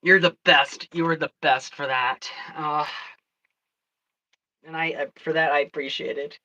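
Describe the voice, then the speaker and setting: A storyteller chatting casually on a livestream, excitable and rambling, often restarting sentences. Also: mid-range voice, measured pace, dull audio.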